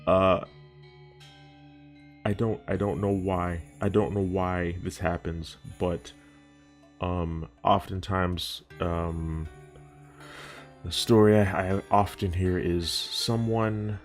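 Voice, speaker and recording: A man's voice: sits low, level tone, takes it slowly, long pauses, soft background music. A man talking casually to camera, rambling and profane, often restarting his sentences. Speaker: youtuber. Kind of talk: casual video commentary.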